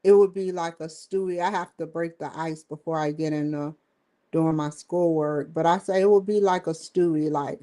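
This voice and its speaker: A woman's voice: sits low, steady tone, normal speed, mellow. A woman hosting her own livestream show, rambling and joking between topics, often breaking into laughter. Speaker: host. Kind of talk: casual livestream chat.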